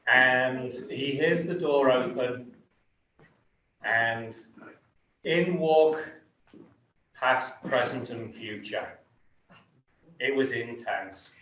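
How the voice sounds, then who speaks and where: A man's voice: medium pitch, very slow, pauses often, fairly bright tone, slight background noise. A man teaching a tai chi class, telling a long joke playfully and laughing at his own punchlines. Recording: echoey, distant, dull.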